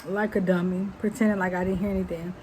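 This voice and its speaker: A young woman, telling a casual storytime and acting out what people said in high voices. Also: fast talker, slight background noise, low-quality recording. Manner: animated, acts out quotes in high voices. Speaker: vlogger.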